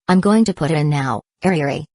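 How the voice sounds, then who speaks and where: A woman's voice: low-pitched, fairly quick, no room sound. Brief: synthetic female voice as a teasing young man, dry close sound, no acting. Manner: flat machine-read delivery.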